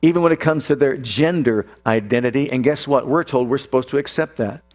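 A man preaching a sermon as pastor. His delivery is emphatic, with drawn-out declarations and sudden drops and rises. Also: medium pitch, a little mellow, faint music behind.

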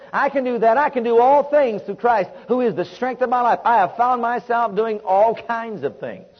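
Male preacher, high husky voice, emphatic call-and-response sermon, muffled lo-fi recording.

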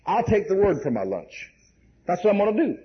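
High-voiced man preaching folksy testimony. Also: big pitch swings, a little fast, lo-fi sound. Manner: folksy testimony with frequent "bless God" and "amen"; acts out dialogue, laughs while telling stories. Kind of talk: sermon.

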